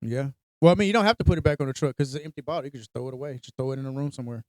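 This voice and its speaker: A man co-hosting a casual podcast, telling stories in an animated way and acting out his own reactions. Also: medium pitch, rapid-fire, dry recording. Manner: animated storytelling, heavy cursing, acts out reactions. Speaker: podcast co-host. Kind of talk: casual chat.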